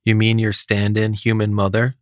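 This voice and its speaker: A man's voice: lowish voice, completely flat delivery, no echo, studio quality, close to an everyday voice. A man doing a scornful fairy mother. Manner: snarling, contemptuous, slow and deliberate. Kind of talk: reading a fairy tale aloud.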